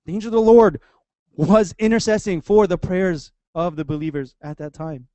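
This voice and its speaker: A man's voice: sits high, moderate pace, warm tone, no room sound. A man in his thirties, a pastor giving a chatty sermon, joking and acting out the people in the stories. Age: 30s. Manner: chatty and joking, acts out voices of the story. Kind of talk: casual sermon.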